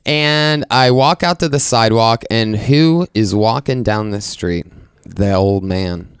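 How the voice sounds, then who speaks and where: Smooth-voiced man telling a rambling story. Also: on the low side, a little slow, no room sound, studio quality. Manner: rambling, animated, swearing freely. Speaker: podcast host telling a story. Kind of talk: casual comedic storytelling.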